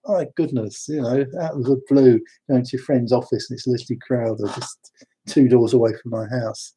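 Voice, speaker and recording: A man's voice: medium pitch, steady tone, moderate pace, warm tone, slightly rough. A man from London, chatting through wandering personal stories with frequent restarts. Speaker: storyteller. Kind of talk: rambling personal anecdotes.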